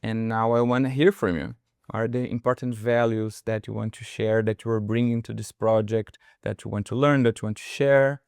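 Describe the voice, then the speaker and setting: A man in his thirties with a Brazilian Portuguese accent, a native Portuguese speaker talking earnestly and reaching for his words. His voice is smooth and clear, recorded close and dry. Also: on the low side, fairly even intonation, normal speed, a little mellow, no room sound. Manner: earnest, searching for words, frequent restarts. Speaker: podcast co-host. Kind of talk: casual conversation.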